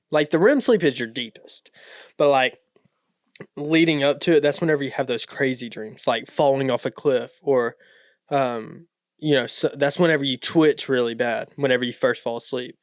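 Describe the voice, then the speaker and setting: A young man tells stories in a relaxed, rambling way, full of "like" and "um". His voice is smooth and resonant at a middle pitch. The sound is dry and close to the mic. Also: moderate pace, no echo. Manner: relaxed, rambling storyteller with many fillers. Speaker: podcast co-host. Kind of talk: casual chat.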